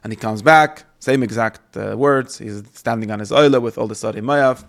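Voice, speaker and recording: Man, gravelly voice, Bible teacher, explanatory lesson, frequent restarts. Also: mid-range voice, moderate pace. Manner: reads Hebrew verses aloud and translates them, with fillers and restarts.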